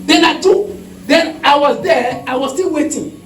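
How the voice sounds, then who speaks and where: A man's voice: very high voice, normal speed, roomy sound, far from the mic, loud music behind the voice, low-quality recording. A man preaching a testimony sermon, telling the story with emphasis and calling out hallelujahs.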